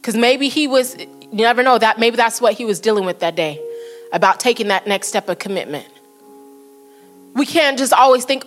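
A woman preaching with earnest conviction, her voice sitting a bit high, and she slows down to read quotes. Faint instrumental music plays underneath her words. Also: a bit bright. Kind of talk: sermon.

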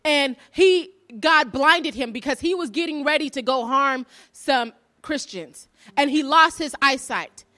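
A young woman delivers a heartfelt devotional in a high, ringing voice. She moves between a personal story and rhetorical questions to her listeners, earnest and direct throughout. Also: measured pace, bright, forceful tone. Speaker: preacher.

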